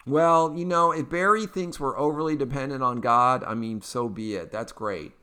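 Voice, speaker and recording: A Kentucky-accented podcast host from Eastern Kentucky speaks at a moderate pace in a mid-range voice that's bright, forceful, and clean. He delivers casual political commentary in a chatty, folksy, upbeat manner with lots of fillers.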